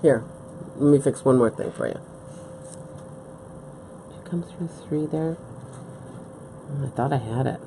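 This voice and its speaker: A woman with an extremely low voice instructs viewers in beading on a live stream from her work table. She speaks a little slowly with long pauses, patiently explaining each step and often asking "okay?", while background noise is audible.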